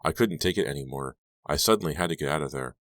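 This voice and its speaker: A man's voice: rumbling low, expressive, quick pace, a bit bright, no room sound. A man narrating a horror novel in first person, in a tense, dramatic storytelling manner. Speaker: audiobook narrator.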